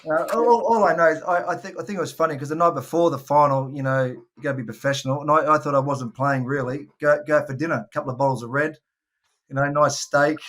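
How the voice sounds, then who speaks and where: Fast-talking man telling stories. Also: on the high side, fairly even intonation, fairly bright tone. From Australia. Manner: rambling anecdotes, acting out quoted voices. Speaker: guest, former cricketer. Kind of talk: casual podcast chat.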